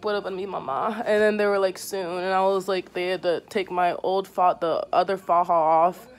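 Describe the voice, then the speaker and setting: A woman's voice: lowish voice, level tone, normal speed. A young woman talking candidly into a handheld phone for her vlog, rambling and swearing freely. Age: young adult. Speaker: vlogger. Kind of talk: casual handheld vlog to camera. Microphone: handheld phone camera.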